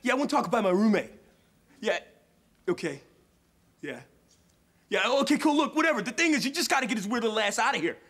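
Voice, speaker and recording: A man's voice: high-pitched, big pitch swings, fast talker, long pauses, a bit bright, full character voice. A young man playing a cocky, dismissive college student in a comedy sketch. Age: young adult. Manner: cocky, dismissive, laid-back.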